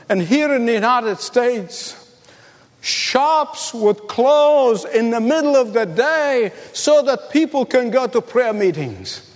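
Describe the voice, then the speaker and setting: A man delivers a sermon from the pulpit, and his voice sits high for a man. The hall gives it a long, ringing tail of reverb. He presses hard on repeated calls and lands each point with emphasis. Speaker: pastor.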